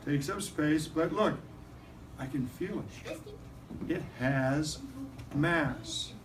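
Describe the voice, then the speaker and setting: A man's voice: a little high, very slow. A man teaching young children science in a classroom, playful and coaxing, leading call-and-response chants. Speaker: science teacher visiting a first grade class. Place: school classroom. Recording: distant mic, noisy classroom.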